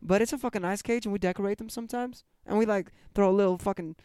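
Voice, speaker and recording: A man's voice: high voice, fast talker, warm tone, clear, resonant tone, no room sound, studio quality, close to an everyday voice. A man in an improvised comedy sketch, voicing a brash, profane Australian zookeeper who blusters, stumbles over words and says "mate" constantly. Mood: blustering.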